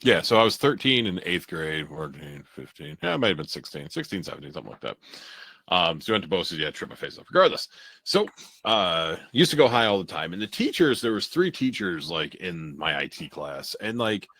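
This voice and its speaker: A man's voice: low voice, big pitch swings, brisk, sharp tone, dry recording. A middle-aged man co-hosting a podcast in laid-back casual chat, swearing often. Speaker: podcast co-host.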